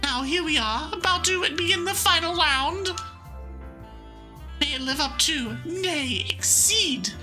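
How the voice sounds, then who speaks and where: A woman's voice: high-pitched, animated, takes it slowly, sharp tone, soft background music, heavily acted. A woman voicing a haughty, self-important rich woman hosting a game tournament. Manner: grand, self-important delivery.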